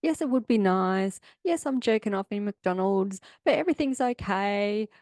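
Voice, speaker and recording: An Australian woman mocking an exasperated, laid-back young man in a squeaky, impatient voice. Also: animated, moderate pace, darkish tone, no room sound, studio quality, natural voice.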